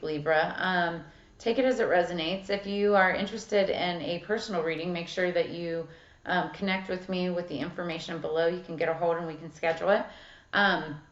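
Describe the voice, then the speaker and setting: A woman's voice: on the low side, a bit bright. A woman giving a casual tarot reading who swears freely, reads card texts aloud and fills her talk with "like" and "um". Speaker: tarot reader. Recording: echoey room, dull lo-fi sound.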